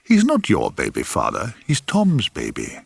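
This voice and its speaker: A gentle young mother, soft and light in manner, voiced by a man reading his memoir. Her words come slightly shaky. The recording is dry and close. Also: fairly low pitch, wildly swooping pitch, unhurried, vocal fry, husky, no echo, exaggerated voice.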